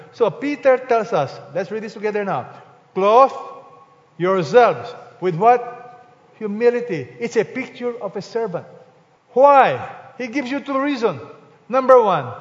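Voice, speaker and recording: A man preaching a sermon, quizzing the congregation and swinging between loud commands and quiet asides. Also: high voice. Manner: call-and-response preaching, asks the congregation questions. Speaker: pastor. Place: church hall. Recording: dull, reverberant hall recording.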